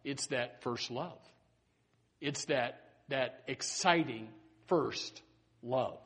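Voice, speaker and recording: A man preaching a sermon in a church, animated and full of stumbling restarts and repeated words. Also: medium pitch, very slow, slightly rough. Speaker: pastor. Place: church sanctuary. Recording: long hall reverb.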